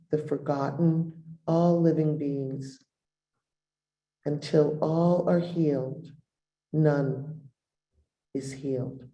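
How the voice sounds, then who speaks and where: A middle-aged woman, a meditation teacher, giving a dharma talk and softly guiding a meditation with long pauses. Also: deep voice. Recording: roomy echo.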